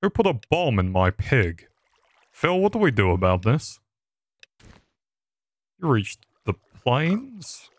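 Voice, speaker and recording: A young man doing casual, crude Minecraft commentary, rambling with dark jokes and heavy swearing. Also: mid-range voice, very animated, slow pace, long pauses, no room sound. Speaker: gaming YouTuber.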